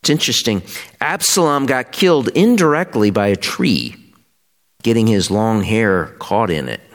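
A priest who reads scripture in a measured, solemn way and then gives a homily in a plain explaining tone. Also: male voice, fairly low pitch, sing-song. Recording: radio broadcast.

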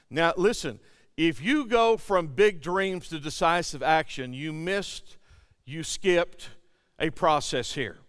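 A man's voice: high-pitched, fairly bright tone, clear, resonant tone, long reverb tail. A male pastor preaching a sermon, emphatic and calling out to his congregation.

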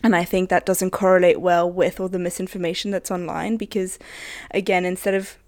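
A woman's voice: on the low side, level tone, brisk, darkish tone, no echo, studio quality. A pregnant woman in a casual podcast chat, talking in a chatty, self-deprecating way and acting out her own worried thoughts. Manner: chatty, self-deprecating, quotes herself in a rush. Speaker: podcast co-host.

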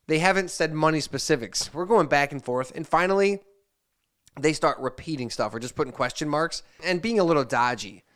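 A man with a smooth, resonant voice hosts a casual podcast chat. He tells a long, rambling anecdote and slips into little voices to quote the messages in it. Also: fairly high pitch, a little fast, a bit bright. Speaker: podcast host.

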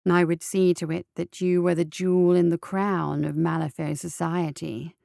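A woman voicing a foul little man who courts a flower girl with slow, smooth words and snarls when crossed. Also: fairly low pitch, level tone, mellow, no room sound, studio quality. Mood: oily persuasion. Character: oily, menacing little man, a suitor.

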